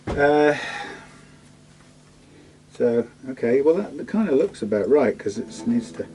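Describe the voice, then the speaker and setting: A man's voice: medium pitch, very animated, measured pace, mellow, rough recording. A man chatting casually to himself as he sets up a guitar, often trailing off mid-sentence. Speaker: guitar technician vlogger. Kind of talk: casual talk while working. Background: guitar being played and tuned.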